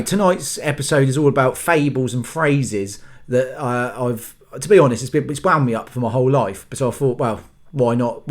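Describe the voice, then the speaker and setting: A man hosting his own channel, ranting to the camera about everyday annoyances in an exasperated, self-mocking way. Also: medium pitch. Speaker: host. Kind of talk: casual rant to camera.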